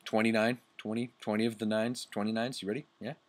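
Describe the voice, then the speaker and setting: A man's voice: lowish voice, flat delivery, quick pace, no room sound. A young man doing a comic reading of a bad story, mocking and swearing at the text. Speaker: reader.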